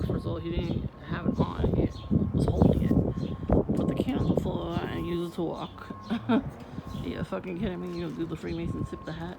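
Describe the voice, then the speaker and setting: A woman's voice: on the low side, flat delivery, moderate pace, gravelly. A woman vlogger telling stories in a blunt, irritated, profane casual rant. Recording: muffled lo-fi with loud background noise.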